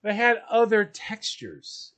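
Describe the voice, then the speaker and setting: Animated man telling a funny story. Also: high voice, slow. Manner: animated, acts out quoted voices, laughs while telling. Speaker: podcast host. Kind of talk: casual storytelling.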